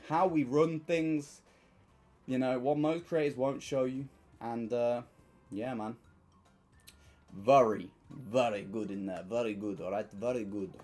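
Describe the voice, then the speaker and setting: Excitable man with a lively voice. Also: mid-range voice. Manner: excitable, bursts into shouting at wins. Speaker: online slots streamer. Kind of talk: casual gambling commentary.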